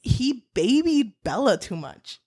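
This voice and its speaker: A woman co-hosting a casual book podcast, animated and swearing freely, breaking into laughter. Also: on the high side, slow, slightly rough, no room sound, studio quality. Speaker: podcast co-host.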